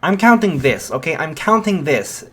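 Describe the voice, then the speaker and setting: A man's voice: a little high, sing-song, normal speed, a bit bright, breathy edge, pitched above the performer's own voice, exaggerated voice. A man voicing a cocky teenage boy hero who teases his rival with playful insults, in a casual spoken fan story. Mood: teasing.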